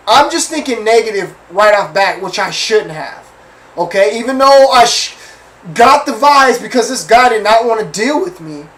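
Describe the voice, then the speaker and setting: A man's voice: high-pitched, moderate pace, recorded from a distance, poor audio. A man hosting his own show, telling a story from his life as a casual rant. He swears a lot, repeats himself and keeps asking the listeners if they follow. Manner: animated, profane, repeats phrases and asks the listeners for agreement. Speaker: podcast host.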